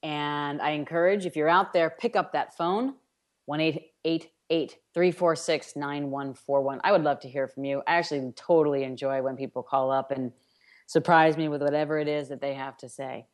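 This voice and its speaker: Emphatic low-voiced woman radio host. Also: fairly even intonation, normal speed. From New York. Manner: emphatic, incantatory repetitions. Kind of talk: self-help radio monologue.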